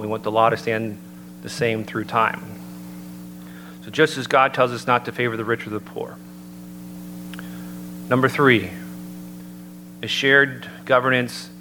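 A man giving an earnest, measured sermon-style talk and citing scripture as he builds his points. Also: lowish voice. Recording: noticeable background hum.

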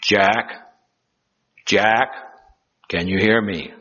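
A man voicing God as a calm, unhurried male voice. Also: heavily acted. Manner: slow, calm and deep. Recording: dull lo-fi recording.

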